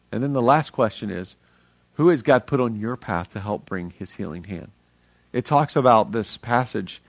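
A middle-aged man preaching a sermon as a pastor, energetic and earnest, speaking conversationally with frequent restarts. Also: fairly low pitch, vocal fry, dry recording.

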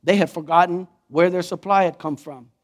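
A man with a notably high voice preaches a sermon, talking to the congregation as if in conversation. He is animated and often slips into the voices of the people and figures he quotes. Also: normal speed. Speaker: pastor.

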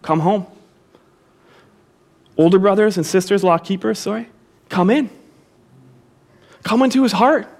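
A man's voice: high voice, a little slow, long pauses, a little mellow. A pastor preaching a sermon to his congregation, repeating key phrases for emphasis and calling the listeners to say them back with him.

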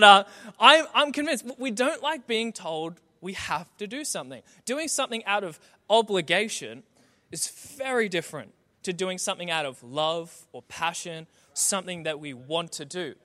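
A young man preaching a sermon, telling stories with animated, self-mocking humor. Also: sits high, big-room sound. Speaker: pastor.

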